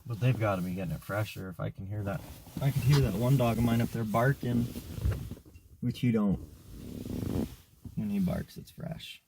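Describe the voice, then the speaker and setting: A man's voice: on the low side, normal speed, pauses often, noisy background. A man working as a hunting guide, talking casually outdoors in the mountains and explaining where the dogs went.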